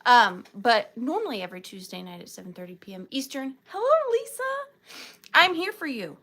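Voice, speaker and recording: A woman's voice: medium pitch, very animated, fairly quick, fairly bright tone. A young woman with a Southern US accent, sleepy, hosting a chatty live vintage sale from a chair at home and cooing at her pet rabbit in sing-song baby talk. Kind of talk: chatty live stream greeting viewers. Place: home room, seated in a chair.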